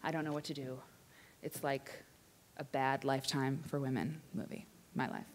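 A woman in her thirties telling a funny personal story live, chatty and self-deprecating with animated asides. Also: a bass voice, moderate pace, slight background noise. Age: 30s. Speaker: writer and quilter performing for students.

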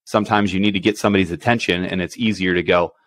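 A low-pitched man with a steady tone and a bit of brightness talks quickly while co-hosting a casual podcast chat. He is a special warfare operations superintendent who speaks bluntly and performs quoted exchanges.

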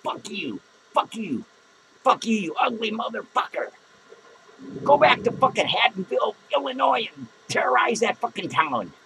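A man's voice: very high voice, very animated, moderate pace, vocal fry, noisy background, heavily acted. A man playing a foul-mouthed, jittery male clown who hosts a podcast and rants crudely and nervously at his viewers. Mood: mocking. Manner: swearing, rambling, nervous outbursts. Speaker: podcast host. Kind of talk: profane comedic rant to viewers. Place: podcast studio.

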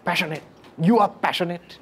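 A man's voice: high-pitched, brisk, breathy edge. A man giving a motivational talk to a live audience, questioning them often and repeating key phrases for emphasis. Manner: animated, keeps questioning the audience. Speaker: motivational speaker. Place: lecture room with audience.

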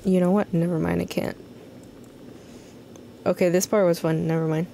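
A woman's voice: fairly low pitch, fairly even intonation, normal speed, vocal fry, mellow, slight background noise. An American woman rambling and swearing casually as she streams a game and answers her chat. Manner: rambling, chatty, swears freely, reads chat aloud. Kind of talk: casual live-stream commentary.

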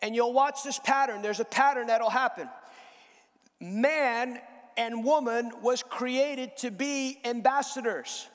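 A man delivers a sermon with a strikingly high voice, his words ringing out with the long reverb of a large church hall. He builds from measured, low-key statements to loud, emphatic repetition, stumbling and restarting as he presses each point. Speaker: guest preacher. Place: church sanctuary.

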